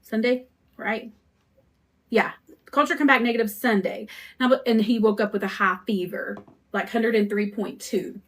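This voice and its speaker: A woman's voice: fairly high pitch, steady tone, moderate pace. A woman hosting a crafting live stream, chatting to viewers in a rambling, conversational way while she works. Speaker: custom cup shop owner hosting a live stream.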